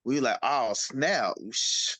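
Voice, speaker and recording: A man's voice: medium pitch, lively intonation, takes it slowly, sharp tone, dry recording. A man co-hosting a casual podcast, laid-back and earnest, often saying "you know what I'm saying". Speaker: podcast co-host.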